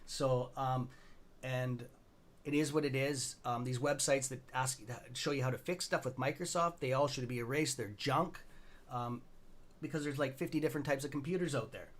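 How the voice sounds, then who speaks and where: A man's voice: medium pitch, normal speed. A middle-aged Canadian man hosting a stock trading livestream, rambling loosely and greeting viewers by name in a friendly, casual way.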